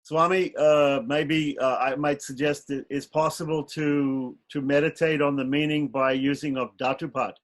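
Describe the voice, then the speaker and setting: A man's voice: fairly high pitch, level tone, moderate pace, hardly any pauses. Tentative male student making a suggestion. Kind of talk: class discussion.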